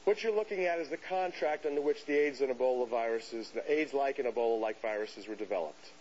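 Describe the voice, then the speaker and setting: A man giving a lecture to an audience, telling a story in an animated way and acting out the voices of people he quotes. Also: medium pitch, fast talker. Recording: dull hissy lecture recording.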